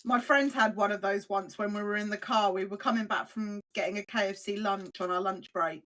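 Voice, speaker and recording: A woman's voice: mid-range voice, a little fast. Chatty woman telling funny stories. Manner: animated anecdotes, acts out quoted voices, swears casually. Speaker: podcast co-host. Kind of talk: casual storytelling chat.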